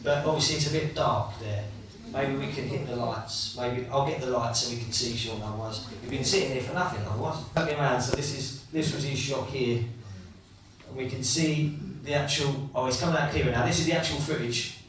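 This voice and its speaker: A man's voice: mid-range voice, fairly quick. A man hosting an event panel and talking through photos in a casual, meandering way, with frequent fillers. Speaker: host presenting photos. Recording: very echoey room, distant mic, background noise.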